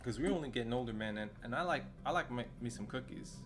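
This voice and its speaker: Over faint background music, a man streams a video game, his mid-range voice animated and quick. His casual chat rambles along, stuffed with fillers and slang.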